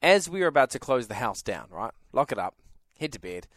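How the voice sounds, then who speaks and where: A man's voice: medium pitch, brisk, no echo, studio quality. A young man hosting a radio show, telling a story with lots of acted-out voices. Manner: animated storyteller acting out voices. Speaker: radio host. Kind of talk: casual chat.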